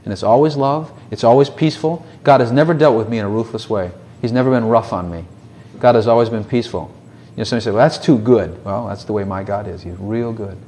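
A man's voice: on the low side, fast talker, a little mellow, slight background noise. A man preaching a sermon in a conversational way, with many rhetorical questions and short mocking voices.

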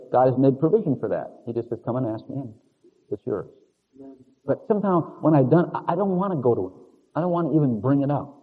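A man's voice: mid-range voice, breathy edge. A man preaching a conversational sermon in a rambling, confessional way with chuckling asides. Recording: narrow phone-like lo-fi sound.

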